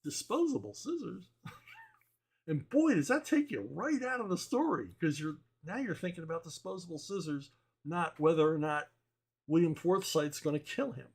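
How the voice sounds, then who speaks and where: A man's voice: fairly high pitch, animated, normal speed, husky. Chuckling, blunt, rambling man. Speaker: comic book writer answering viewer questions. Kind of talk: casual opinionated chat.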